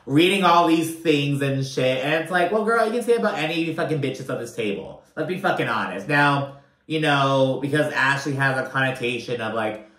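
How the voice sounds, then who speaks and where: A man giving a casual, profanity-laced reality TV recap, animated and full of filler like "you know what I mean.". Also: mid-range voice, moderate pace. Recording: roomy echo.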